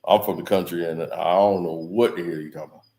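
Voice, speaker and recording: A man putting on a gruff baffled country man. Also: sits low, steady tone, fast, dark tone, voice pushed down. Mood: exasperated. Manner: exasperated, grumbling, stammering restarts. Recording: echoey room.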